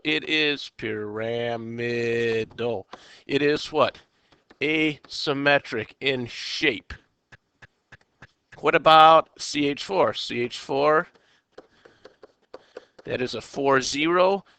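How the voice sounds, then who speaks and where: A man's voice: fairly high pitch, pushed and bright, clear, resonant tone. A man teaching a recorded chemistry lecture, talking himself through problems with playful asides and quirky exclamations.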